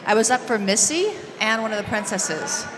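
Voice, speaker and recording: A woman from Idaho on a convention panel, telling anecdotes in a relaxed, halting way. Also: a little high. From Idaho, USA. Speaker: panel guest. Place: large convention hall. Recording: echoey hall with background noise.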